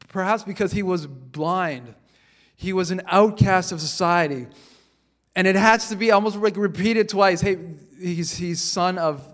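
A man preaching a sermon in a conversational way, often repeating words as he starts a sentence and moving between quiet scripture reading and emphatic peaks. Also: fairly high pitch. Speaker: pastor.

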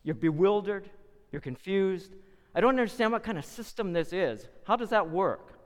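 A man preaches a sermon and tells the story with dramatic flair, acting out the voices of the people in it. His voice sits high and swings widely in pitch. A long hall reverb trails behind every phrase. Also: animated, moderate pace.

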